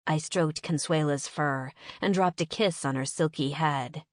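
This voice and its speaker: Low-voiced woman narrating slowly. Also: no echo, clean studio sound. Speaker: audiobook narrator. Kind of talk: first-person scripted narration. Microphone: close studio mic.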